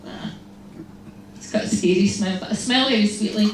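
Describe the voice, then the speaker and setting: Nun in an echoey hall. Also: female voice, medium pitch, a little fast. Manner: humorous, storytelling, acts out exchanges. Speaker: religious sister giving a talk. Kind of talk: lively faith talk to an audience. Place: large hall. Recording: echoey hall, distant mic, faint noise.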